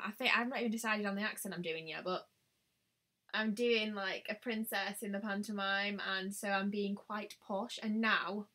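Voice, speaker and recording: Bright-voiced chatty woman. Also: medium pitch. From United Kingdom. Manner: chatty, thinks aloud, exclaims often. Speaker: beauty vlogger. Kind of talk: casual live-stream chat.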